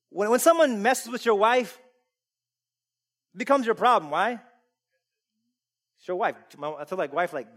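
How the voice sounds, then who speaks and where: A man preaching a sermon to a congregation. He asks them questions and climbs from easy conversation to loud, full-voiced preaching. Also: high voice, animated, normal speed, pauses often. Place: church sanctuary. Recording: long reverb of a large hall.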